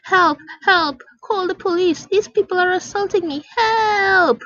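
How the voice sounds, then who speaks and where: Shrill, screaming entitled mom, as a woman puts her on. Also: expressive, moderate pace, darkish tone, no echo. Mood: shrieking. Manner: screechy and insulting. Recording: dry, dull lo-fi recording.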